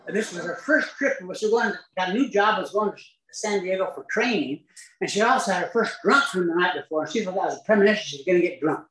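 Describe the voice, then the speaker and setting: A man's voice: high voice, fast. Chuckling storyteller man in a roomy hall. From Utah. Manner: lively, chuckling anecdotal delivery with asides. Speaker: speaker sharing at a recovery meeting. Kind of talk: humorous personal storytelling talk.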